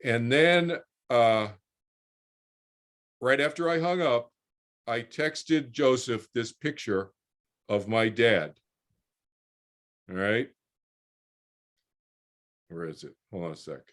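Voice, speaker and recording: Man, 60s, mid-pitched, animated storyteller who repeats himself mid-thought, heard over a video call. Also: takes it slowly, long pauses. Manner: repeats words while finding his thread, voices other people in quotes. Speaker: interview guest, author.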